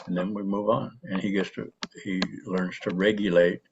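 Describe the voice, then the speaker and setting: An older man with grandchildren, explaining calmly on a podcast with frequent pauses and fillers. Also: deep voice, slight background noise. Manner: calm, explanatory, frequent hesitations. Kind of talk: podcast conversation. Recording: dull lo-fi sound.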